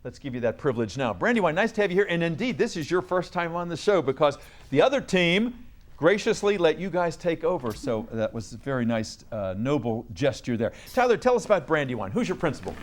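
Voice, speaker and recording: A man with a notably high voice hosts a student science quiz in a TV studio. He reads each question with upbeat energy and coaxes the young contestants along. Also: sing-song, fairly quick. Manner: upbeat, coaxing and encouraging students. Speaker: quiz show host. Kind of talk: school quiz show hosting.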